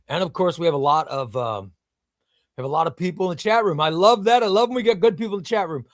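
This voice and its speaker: A friendly man hosting a live stream, chatting loosely and greeting viewers one by one. His voice sits a little high for a man and comes through dry and close, with no room sound. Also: lively intonation, quick pace, no echo. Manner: friendly, rambling, repeats himself. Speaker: host of a live comics stream. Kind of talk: casual live-stream chat, reading chat messages.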